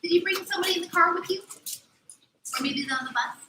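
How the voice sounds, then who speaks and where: A young woman performing as a mermaid, teaching children in an animated, sing-song way at a live aquarium show. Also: very high-pitched, a little fast, background noise. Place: aquarium tank area with audience. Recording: echoey room from far off, faint ambience.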